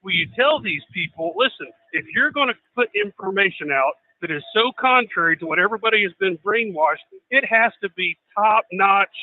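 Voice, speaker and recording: Man, high-pitched, animated, casual chat, phone-like sound. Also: normal speed, few pauses. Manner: animated, rising in pitch when worked up. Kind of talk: casual talk show banter. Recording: tinny phone-like line.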